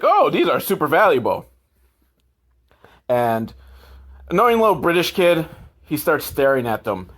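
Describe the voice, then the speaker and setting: A man's voice: medium pitch, fairly bright tone. Sarcastic ranting man recapping a movie. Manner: profane, sarcastic ranting with mocking put-on voices. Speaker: comedy podcast host.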